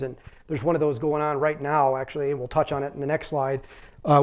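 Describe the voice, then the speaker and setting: A man's voice: on the high side, a little mellow. Middle-aged man giving a casual lecture. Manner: conversational, rambling, frequent restarts. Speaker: physician giving a public lecture. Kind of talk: informal lecture with anecdotes. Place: public library talk.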